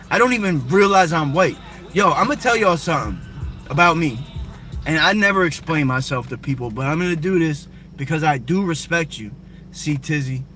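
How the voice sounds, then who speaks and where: A man's voice: fairly high pitch, bright, forceful tone. A man from Brooklyn, ranting on a livestream in a confrontational, profane way and firing rhetorical questions at viewers. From Brooklyn, New York. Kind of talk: heated livestream rant answering viewers. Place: parked car on a city street. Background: faint music playing.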